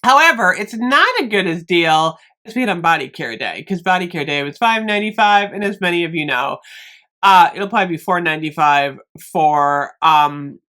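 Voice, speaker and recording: Bubbly, bright-voiced woman vlogger. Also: on the low side, animated, moderate pace. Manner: bubbly, apologetic, laughs often. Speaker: beauty vlogger. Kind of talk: casual chat to camera.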